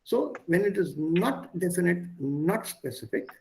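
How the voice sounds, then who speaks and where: Animated, gravelly man teaching a lesson. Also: sits high, unhurried, a little hiss or hum. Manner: animated, explaining, switching between English and German. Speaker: German teacher. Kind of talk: online language lesson.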